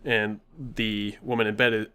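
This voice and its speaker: A man's voice: fairly low pitch, takes it slowly, clean tone. Young man telling a wild story, laughing. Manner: animated, laughs often, quotes people in dialogue. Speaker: podcast co-host telling a story. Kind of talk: casual storytelling.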